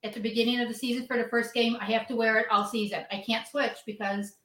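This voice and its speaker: A woman's voice: fairly high pitch, little pitch movement, fast talker, fairly bright tone. A woman guest in a casual chat, giggling and exclaiming. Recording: echoey room with faint noise.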